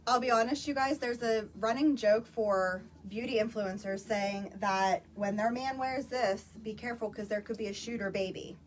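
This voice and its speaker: A woman's voice: fairly high pitch, fairly even intonation, moderate pace, few pauses. Chatty woman selling on a phone live. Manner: chatty, filler-heavy, addresses viewers as "you guys". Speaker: social-selling vlogger. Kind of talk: casual live product demo. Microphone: phone, live stream.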